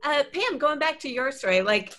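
A woman interviewing guests on a video call, relaxed and conversational, with fillers. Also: sits high, moderate pace, a little hiss or hum. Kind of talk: casual interview questions.

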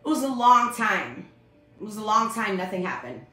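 A woman telling her personal testimony on a livestream, animated and storytelling. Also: medium pitch, normal speed, roomy sound, faint music behind. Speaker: speaker sharing her testimony.

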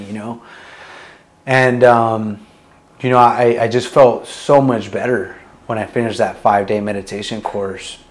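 Low, flat-voiced man telling his story. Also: slight background noise. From Long Beach, California. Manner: candid, profane, many fillers like "like" and "dude". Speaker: Marine veteran guest. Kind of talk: casual interview storytelling.

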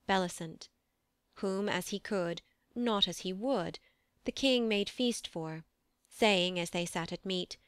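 A woman narrating an audiobook of classic verse, reading in a measured, steady manner into a close studio microphone. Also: medium pitch, clear, resonant tone, dry recording. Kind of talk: scripted poetry narration.

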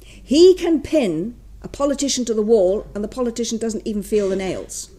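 An older woman gives a university lecture with an emphatic, opinionated delivery. She slows right down to hammer home her key points, and her voice has a mellow, warm tone. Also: fairly high pitch. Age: 60s. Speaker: guest lecturer.

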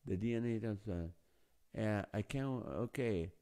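A man's voice: lowish voice, lively intonation, takes it slowly, mellow. A man with a Middle Eastern accent hosting a live online show, chatting casually, joking and reading viewer comments aloud. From Holy Land. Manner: chatty, jokey, reads viewer comments aloud and laughs often. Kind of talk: casual live-stream chat.

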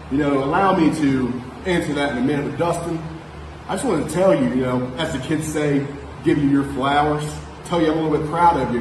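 A man cutting a taunting, profane wrestling promo that builds to shouts. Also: a little high. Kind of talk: trash-talking wrestling promo. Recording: echoey room, faint noise.

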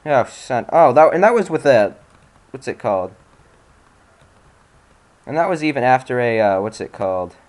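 A man's voice: mid-range voice, sing-song, normal speed, pauses often, darkish tone. A man hosting a let's-play, giving casual gameplay commentary while exasperated, muttering and swearing at the game.

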